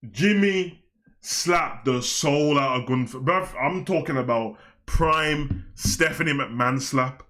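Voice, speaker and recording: On a live stream, a young man casually reviews a wrestling show, animated and full of slang, swinging between loud outbursts and mumbled asides. His voice sits in the mid-range and moves at a measured pace.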